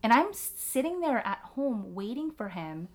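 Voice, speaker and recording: A woman with a fairly high, sing-song voice speaks at a moderate pace in a casual conversation. She's frank as she tells a personal story, swearing freely and packing her sentences with "like."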